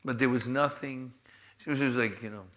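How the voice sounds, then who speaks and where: A man interviewing a guest, asking thoughtful questions in a halting way and sometimes dropping almost to a whisper. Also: mid-range voice, fairly even intonation, a bit bright.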